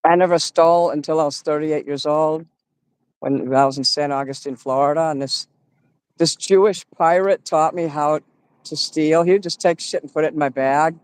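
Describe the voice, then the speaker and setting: A woman's voice: low voice, steady tone, normal speed, a little mellow, smooth, dry recording. A middle-aged woman telling rambling, crude stories in a casual stream chat.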